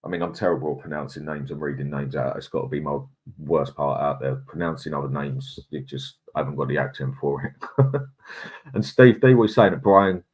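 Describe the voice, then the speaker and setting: Low-voiced man chatting football. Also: brisk, a little mellow. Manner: opinionated, conversational, stumbles over names. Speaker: host of a football fan live stream. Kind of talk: casual live-stream chat reading viewer comments.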